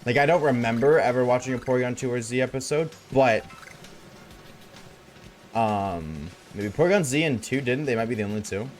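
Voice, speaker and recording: A man's voice: mid-range voice, moderate pace, faint music behind. A man streaming a game and chatting casually with his viewers, laid-back and slangy, reading chat aloud.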